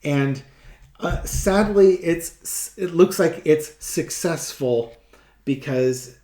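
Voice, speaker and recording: Male tarot reader, casual and sarcastic, fairly high voice, roomy echo. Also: animated, slow pace, warm tone. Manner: rambling, sarcastic, many restarts and fillers. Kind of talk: casual tarot reading commentary.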